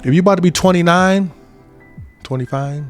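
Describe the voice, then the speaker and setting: A man's voice: sits high, fairly quick, faint music behind. A man in his twenties giving a casual motivational talk as a podcast host, often checking in with "right?". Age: 20s. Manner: conversational, repeats "right?" often.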